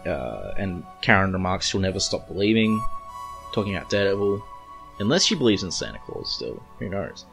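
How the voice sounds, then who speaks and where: An Australian man with a low voice recaps a comic book for his podcast. He rambles casually and drops in joking asides, with faint music underneath. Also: very animated, a little fast, vocal fry, fairly bright tone. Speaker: podcast host.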